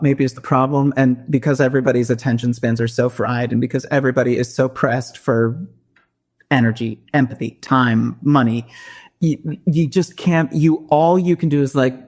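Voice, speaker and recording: A man's voice: mid-range voice, darkish tone. A man co-hosting a podcast in casual chat, with wry, sardonic remarks. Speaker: podcast co-host.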